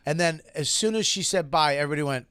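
A man telling stories in casual chat, animated and swearing freely, acting out the people in his anecdotes. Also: a little high, quick pace, heavy background noise. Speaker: comedian guest.

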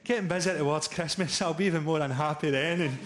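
A man's voice: on the high side, fast talker, fairly bright tone, roomy sound, pitched below the performer's own voice, close to an everyday voice. A man acting out a glum ordinary man rambling about work and family at a barbecue. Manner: rambling, hesitant.

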